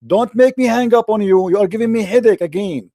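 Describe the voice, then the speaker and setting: Impatient man hosting a call-in debate; higher voice, mellow tone, dry close sound. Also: a little fast, creaky, no echo. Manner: impatient, interrupting, repeats phrases. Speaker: debate show host.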